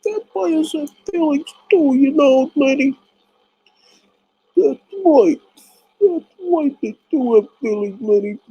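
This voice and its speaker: A man voicing a whiny, childish male vampire artist in a very high voice. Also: expressive, slow pace, mellow, muffled recording, full character voice. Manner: whining, hurt, pleading.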